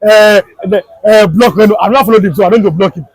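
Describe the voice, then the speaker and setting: A man's voice: sits high, quick pace, dry recording, low-quality recording. A Nigerian man with a Yoruba accent giving impassioned street political commentary, emphatic and repetitive in a preachy way. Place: outdoors on a Lagos street.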